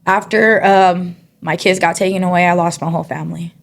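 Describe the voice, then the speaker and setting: A woman guest giving a personal testimony in casual conversation, soft-spoken and halting, with frequent pauses and fillers. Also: fairly low pitch, fairly even intonation, creaky. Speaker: interview guest.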